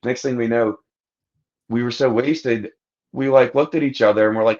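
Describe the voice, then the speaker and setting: A man's voice: medium pitch, steady tone, moderate pace, pauses often, a little mellow. A man on a podcast telling a rambling, crude anecdote in casual chat, acting out the lines of the people in it. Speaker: podcast host. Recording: dull lo-fi podcast audio.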